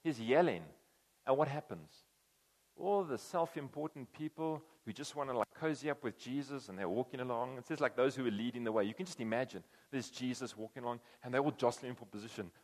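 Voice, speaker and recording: Man preaching a casual, lively sermon. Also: medium pitch, fairly quick, in a large hall. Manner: conversational, acts out quoted voices. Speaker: pastor.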